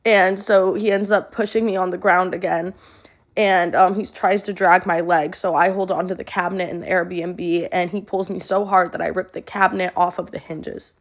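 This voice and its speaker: Young female creator, low and fry-heavy, deadpan monotone, halting personal storytelling. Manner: monotone, flat delivery; halting, with many fillers and restarts. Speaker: social media creator.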